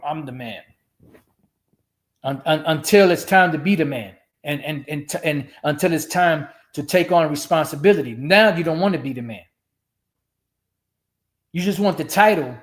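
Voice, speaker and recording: A man ranting religious commentary on a stream, profane, rambling and emphatic. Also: on the high side.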